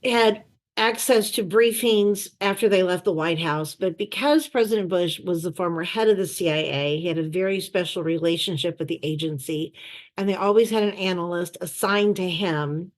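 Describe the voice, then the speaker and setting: Woman telling a lively anecdote. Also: lowish voice, moderate pace. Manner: animated storyteller who acts out quoted voices. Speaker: interview guest. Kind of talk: anecdotal storytelling. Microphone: video call.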